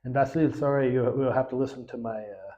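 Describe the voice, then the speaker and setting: A man's voice: medium pitch, a little fast, dark tone, highs cut off, slight background noise. A man from the United States hosting a casual livestream, chatting with viewers in a rambling way, full of fillers and restarts. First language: English. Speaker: livestream host.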